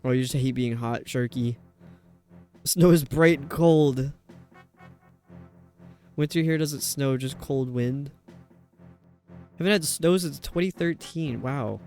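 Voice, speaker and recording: Male streamer, mid-pitched, loose rambling chat over quiet game music. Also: slow, long pauses. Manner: rambling, chatty, reads chat aloud. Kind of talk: casual chat while gaming.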